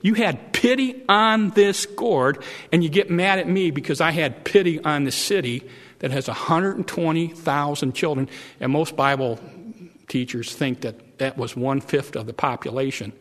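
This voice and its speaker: A man preaching a sermon in a folksy, halting way, acting out voices with repeated words. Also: a little high, steady tone. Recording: long hall reverb.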